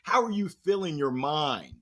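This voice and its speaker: A man with a husky, somewhat raised voice tells stories on a podcast, swinging his pitch widely as he goes. He talks like a motivational speaker and slips into playful impressions of the people he quotes. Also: sing-song, unhurried, a bit bright. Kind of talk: energetic storytelling conversation.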